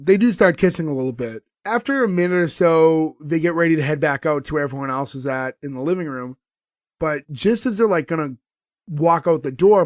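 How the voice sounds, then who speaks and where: A man's voice: on the high side, dry recording, clean studio sound. A man co-hosting a podcast, casually retelling a sitcom scene with lots of fillers and quoted lines. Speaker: podcast co-host recapping an episode. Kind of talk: casual chat.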